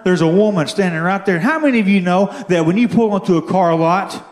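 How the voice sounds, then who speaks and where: A man telling a story from his own life as a testimony during a sermon, building to shouted fervor. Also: high-pitched, roomy sound. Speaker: guest speaker giving testimony. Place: church.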